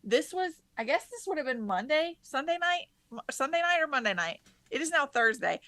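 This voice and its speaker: Woman, podcast co-host, casual storytelling, bright tone, dry close sound, laughs often. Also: high-pitched, very animated, brisk, no room sound. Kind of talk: casual chat.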